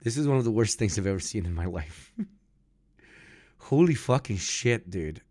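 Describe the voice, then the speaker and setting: A man's voice: on the low side, animated, a little slow, darkish tone, dry recording, clean studio sound. A man casually reacting on a live stream, crude and loose, often laughing.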